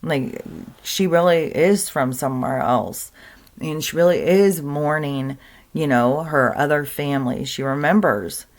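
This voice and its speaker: A woman's voice: deep voice, a little slow. A woman giving an earnest, rambling spiritual monologue to camera, full of fillers and restarts. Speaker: spiritual content creator.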